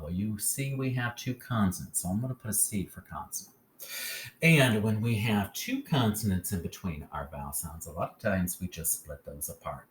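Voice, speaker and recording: Deep-voiced man teaching a phonics lesson. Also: slight background noise. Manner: patient, keeps checking in with "okay?".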